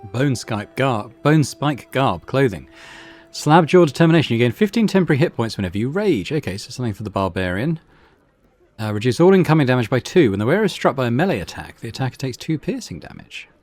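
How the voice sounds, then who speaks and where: A laid-back man talks through his video game run, reading out item text and musing to himself. His voice is mid-pitched but moves around a lot. Faint game music plays behind him. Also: big pitch swings, fast talker, darkish tone. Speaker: gaming channel host. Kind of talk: casual let's play commentary.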